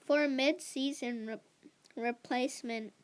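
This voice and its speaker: A woman reading aloud, voicing an excitable actress mother who is chasing her big break, in a slow, halting delivery. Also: high-pitched. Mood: eager.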